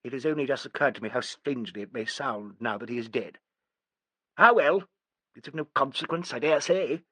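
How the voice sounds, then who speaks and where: A man voicing a dry, fussy older English gentleman in an audiobook, speaking in a brisk, clipped, well-spoken manner. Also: medium pitch, dry recording, natural voice. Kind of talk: audiobook character reading.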